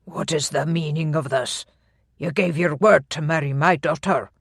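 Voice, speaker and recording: Narrator doing a gruff Scottish laird. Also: mid-range voice, fairly even intonation, normal speed, no room sound, studio quality. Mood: indignant. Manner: blustering, defensive. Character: gruff older male Highland laird.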